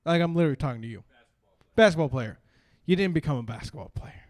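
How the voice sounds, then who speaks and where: A man doing a stand-up set, rambling with lots of fillers and breaking into sudden loud bursts. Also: a little high, lively intonation, rapid-fire, no echo. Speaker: stand-up comedian.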